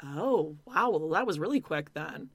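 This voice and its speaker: A young woman co-hosting a casual podcast chat, animated and profane as she recaps a show. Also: sits low, unhurried, breathy edge, dry recording. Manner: animated, profane, acts out quotes. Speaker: podcast co-host.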